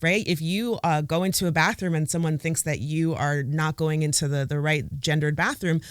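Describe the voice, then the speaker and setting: A woman's voice: deep voice, normal speed, no echo, studio quality. Chatty woman guest on a podcast. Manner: animated, quotes people in acted voices; fills speech with "like". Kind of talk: casual podcast chat.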